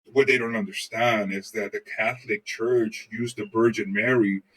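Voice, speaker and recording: Guy on a podcast rambling and swearing nonstop, raspy but bright tone, mic kinda far off. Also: mid-range voice. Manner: profane, loose, swears constantly. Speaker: podcast co-host. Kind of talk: casual chat, rambling storytelling.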